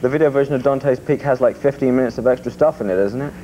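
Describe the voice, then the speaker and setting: A man's voice: medium pitch, quick pace, warm tone. A man co-hosting a casual morning radio show, joking around and laughing often. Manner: jokey, tells gags, laughs often. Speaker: radio co-host. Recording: dull radio audio with faint hiss.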